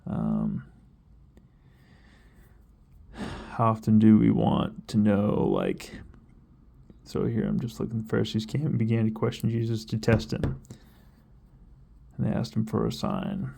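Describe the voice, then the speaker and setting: Gravelly, low-voiced young man musing casually. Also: sing-song, measured pace, pauses often, mellow, a little hiss or hum. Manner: rambling, conversational, with many "like" fillers and asides. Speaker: Bible reader sharing reflections. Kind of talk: casual devotional talk.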